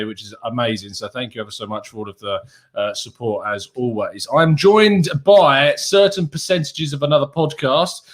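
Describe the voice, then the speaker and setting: A man's voice: mid-range voice, fairly bright tone. Chatty English man hosting a podcast. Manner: chatty, upbeat, laughs often. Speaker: podcast host. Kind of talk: casual football podcast chat.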